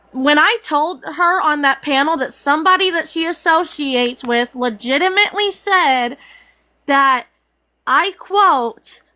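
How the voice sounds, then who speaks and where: High, bright-voiced woman on a live stream. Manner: upset, repeats phrases, many fillers and restarts. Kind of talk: emotional live-stream rant. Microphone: phone.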